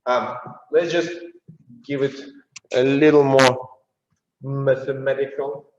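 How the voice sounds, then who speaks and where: A man with a Russian accent leads a dance masterclass in a studio, counting and chanting the rhythm while he demonstrates. His mid-range voice is slow and barely moves in pitch. The recording sounds roomy, distant and dull.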